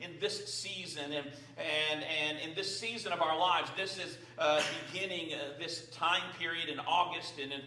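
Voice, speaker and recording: Male pastor, slightly high voice, casual sermon delivery, echoey room. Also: fairly even intonation, normal speed, hardly any pauses, bright, forceful tone, slight background noise. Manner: prayerful, conversational with fillers. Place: church sanctuary. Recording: roomy, distant from the mic.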